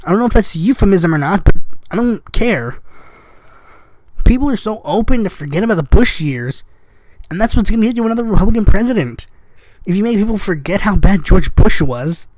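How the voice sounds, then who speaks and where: High-voiced young man ranting sarcastically. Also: animated, a little fast, a little mellow, no echo. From United States. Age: young adult. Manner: sarcastic, mocking, exasperated. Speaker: podcast host. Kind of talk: casual political rant.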